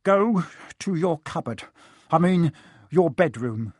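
A blustering, bullying middle-aged uncle, as a man puts him on, gruff and wheezing as he barks orders. The voice swings up and down with his bluster. It is recorded close and dry. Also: medium pitch, lively intonation, takes it slowly, no echo.

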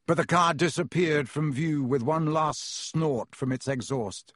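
A man reading a storybook aloud with steady, expressive delivery. His voice is husky and slightly high, recorded close and dry with no room sound. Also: moderate pace, few pauses, no room sound. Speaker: audiobook narrator. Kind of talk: storybook narration.

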